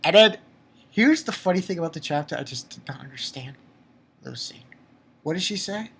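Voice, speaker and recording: A man giving a casual, excitable spoken review of a manga chapter, swearing and repeating himself for emphasis. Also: sits high, moderate pace, breathy edge. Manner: excitable, profane, laughs often; repetitive, emphatic.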